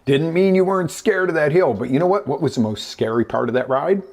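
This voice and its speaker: A man's voice: a little high, brisk. A man hosting a live motivational coaching show, telling stories and acting out voices in them. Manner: animated storytelling, acting out voices in his stories. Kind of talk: motivational talk. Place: live online broadcast.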